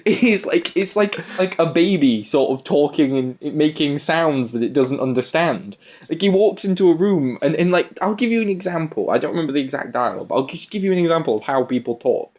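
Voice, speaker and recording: A young man from the UK chats about a film on a podcast, laughing often as he retells scenes. His voice sits somewhat high for a man, lively and amused. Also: fairly quick. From United Kingdom. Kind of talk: casual chat.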